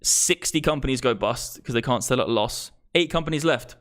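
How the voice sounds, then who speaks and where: A man's voice: mid-range voice, brisk, hardly any pauses, a bit bright. Profane, exasperated man ranting. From England. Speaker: crypto streamer. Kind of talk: ranting live stream.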